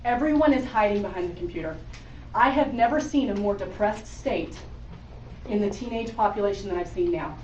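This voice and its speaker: A woman's voice: mid-range voice, brisk, darkish tone, slight background noise. A woman from Oregon giving a motivational sales talk to a group, chatty and laughing, speaking to the audience directly. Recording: echoey room, distant mic, dull sound.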